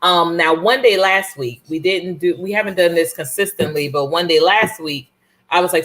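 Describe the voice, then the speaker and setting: A woman with a fairly low voice chats casually beside her partner on a couples show. She talks with frequent ums and restarts, reflective and unhurried. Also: a bit bright. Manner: hesitant, many fillers and restarts.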